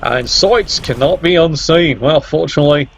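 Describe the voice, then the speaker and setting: A man's voice: fairly high pitch, normal speed, gravelly. A man commentating a video game match in a sarcastic, teasing way. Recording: dull lo-fi mic with faint hiss.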